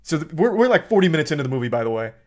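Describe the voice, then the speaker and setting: A man talks to his live chat in a loose, profane rant. His voice sits a touch high for a man, and his delivery is blunt and dismissive. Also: sing-song, very fast. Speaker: streamer.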